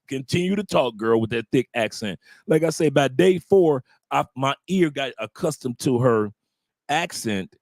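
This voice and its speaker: A man's voice: mid-range voice, a little mellow, no room sound, studio quality. A man with an American accent hosting a live stream, telling a loose, bawdy, joking story to his audience and acting out quotes along the way. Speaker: host.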